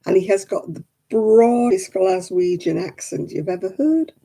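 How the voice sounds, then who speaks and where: A woman from Oldham with a softened northern English accent, chatting casually on her crafting video and laughing often. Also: medium pitch, unhurried, creaky. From Oldham, England. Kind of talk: casual chat.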